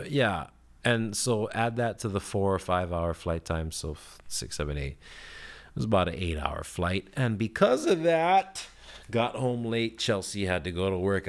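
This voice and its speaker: A man with a fairly low voice hosts a casual podcast. He tells stories in a heated, rambling rant full of swearing, and his pitch and loudness jump around as he talks. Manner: lively swings in pitch and loudness. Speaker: podcast host.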